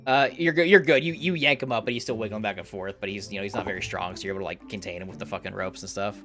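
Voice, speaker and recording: A man's voice: on the low side, racing, over music. A man running a tabletop game as game master, narrating loosely with many fillers and laughs.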